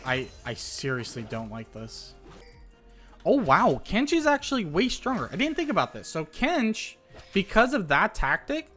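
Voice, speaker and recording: A young man giving casual, excitable live gameplay commentary, teasing opponents as he plays. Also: sits high. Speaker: gaming content creator. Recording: voice over gameplay with background music. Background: background music.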